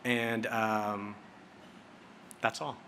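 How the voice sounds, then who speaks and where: A bright-voiced man in his late thirties speaks at a podium on an awards stage. He tells a heartfelt story, stumbling over fillers and restarting his sentences. A faint hiss of room noise sits behind him. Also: fairly low pitch, level tone, drawn-out words. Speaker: award recipient giving a speech. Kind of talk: acceptance speech.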